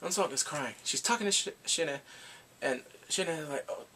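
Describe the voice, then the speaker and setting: A man giving a rambling, excitable casual recap of a TV drama, reacting with gasps and quoted asides. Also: on the high side, fairly quick, slight background noise. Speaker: drama reviewer.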